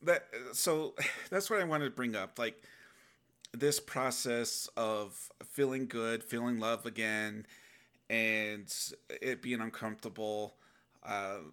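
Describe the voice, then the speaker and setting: A young adult man hosting a casual self-help video, speaking reflectively and acting out inner dialogue with sudden animated outbursts. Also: mid-range voice, slow pace, clean tone. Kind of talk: casual spoken reflection to camera.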